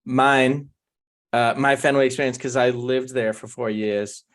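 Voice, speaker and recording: A man in a casual podcast chat, talking excitedly and swearing freely. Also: mid-range voice, unhurried. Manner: excited, swears, rattles off names. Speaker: podcast co-host.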